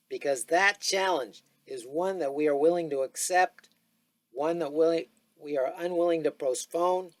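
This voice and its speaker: A man's voice: on the high side, dry recording, voice pushed up, natural voice. A man doing an amateur impression of a 1960s male president giving a stirring speech in an emphatic orator's cadence.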